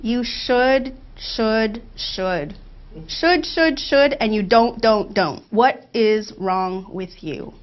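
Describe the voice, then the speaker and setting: A woman's voice: on the high side, extremely slow. A woman voicing her own harsh inner critic, scolding and belittling in repetitive bursts, on a dull lo-fi recording.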